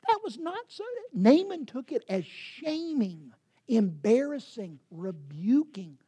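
Woman preacher, breathy and warm, sermon storyteller. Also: fairly high pitch, sing-song, slow pace. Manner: storytelling, swinging from loud to hushed whispers.

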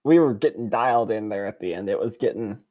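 A man co-hosting a casual podcast, chatting in a jokey, animated way with sudden excited jumps in pitch. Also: brisk, dull audio. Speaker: podcast co-host. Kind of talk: casual chat.

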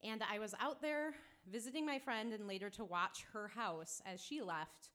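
A woman with a mid-range voice starts a first-person story for an audience. She talks in a relaxed way and drops the odd filler um. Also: mid-range voice, moderate pace.

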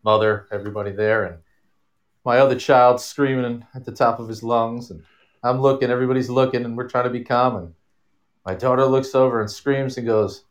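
Animated storytelling man on a podcast. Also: medium pitch, fairly quick. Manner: animated anecdote teller, acts out quotes. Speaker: guest. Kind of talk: casual storytelling.

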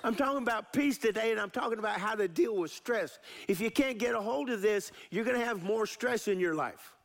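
Male pastor, middle-aged, high gravelly voice, sermon with call-and-response. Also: brisk. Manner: call-and-response preaching, varying pace and emphasis.

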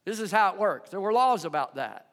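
High, lively preaching man. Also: brisk, big-room sound. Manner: animated, conversational preaching that asks the congregation questions. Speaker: pastor. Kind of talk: sermon. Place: church sanctuary.

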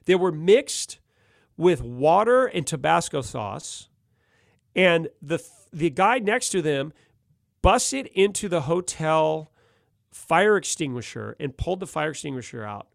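A man's voice: a little high, takes it slowly, gravelly, no echo, studio quality. A middle-aged man telling a wild story in casual, slangy chat, laughing often. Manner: laughs often, animated, slangy ("dude", "gnarly").

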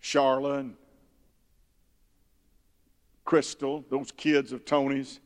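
A man preaching a sermon, reading scripture and breaking into loud emphatic bursts. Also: mid-range voice, little pitch movement, measured pace. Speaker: pastor. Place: church sanctuary. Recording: long hall reverb.

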